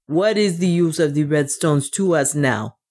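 A woman voicing a calm dwarf servant, low. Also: a little slow. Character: loyal male dwarf servant, calm and plain.

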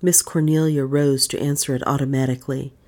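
A woman reading a mystery novel aloud in measured, even narration. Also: rumbling low. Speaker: audiobook narrator. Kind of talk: scripted narration.

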